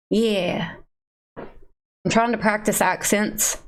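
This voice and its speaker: A woman's voice: medium pitch, steady tone, measured pace, creaky, pauses often. A woman with an Eastern Kentucky accent, rambling casually and self-deprecatingly as a livestreamer chatting to her viewers at her computer. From Eastern Kentucky, USA. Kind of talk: casual chat to a live chat.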